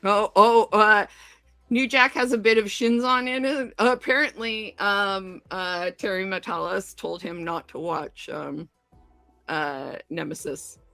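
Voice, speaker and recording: A woman's voice: medium pitch, steady tone, a little slow, sharp tone, dry recording, soft background music. A woman hosting a casual podcast chat, offhand and loose in how she talks. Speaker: podcast host.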